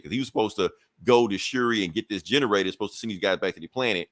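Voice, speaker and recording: A man's voice: on the low side, rapid-fire, fairly bright tone. A man co-hosting a podcast, casually recapping a comic book plot with loose, profane phrasing and frequent "you know". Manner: chuckles between points. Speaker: podcast co-host.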